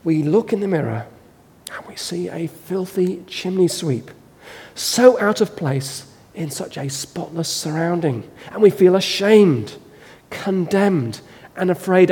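Slow, dramatic preacher man in a hall. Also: high-pitched, a little mellow. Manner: slow, dramatic storytelling delivery. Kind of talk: sermon. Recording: long reverb of a large hall.

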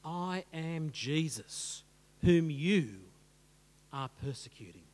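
A man voicing a solemn divine voice speaking from heaven, slow and grave. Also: a little high, expressive, a little mellow, pitched below the performer's own voice.

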